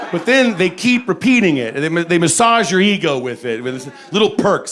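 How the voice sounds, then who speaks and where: A man's voice: a little high, expressive, moderate pace, few pauses, a loud crowd, very noisy. A man doing stand-up who slips into a mock-pompous, haughty voice to mock himself. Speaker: stand-up comedian. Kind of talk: stand-up observational comedy.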